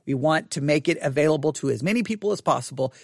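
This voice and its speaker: A man teaching an informal online Bible study, earnest and repetitive, slowing down to repeat key references. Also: a little high, animated, creaky, dry recording, clean studio sound. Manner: repetitive, earnest, restarts and emphatic slow repeats.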